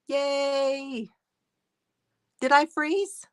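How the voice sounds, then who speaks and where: A woman drawls along at an easy, unhurried pace as she hosts a casual crafting livestream. She chats and laughs often, greeting each viewer by name. Her voice is picked up on a phone mic. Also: medium pitch. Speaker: crochet livestream host.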